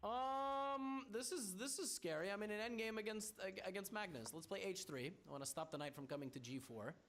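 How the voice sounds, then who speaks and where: A man's voice: high voice, fairly quick, a bit bright, a little hiss or hum. A man playing chess and thinking his moves through aloud, with stammering restarts and wry teasing of his opponent. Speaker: chess streamer.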